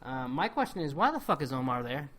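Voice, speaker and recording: Bright, animated male podcast co-host. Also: medium pitch, fast, slight background noise. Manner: animated, incredulous, profane. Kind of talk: casual TV recap chat.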